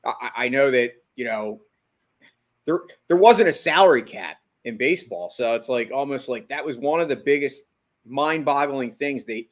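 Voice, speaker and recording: A man's voice: medium pitch, normal speed. A man co-hosting a sports podcast in casual chat, stammering and often opening with a repeated "I". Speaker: podcast co-host.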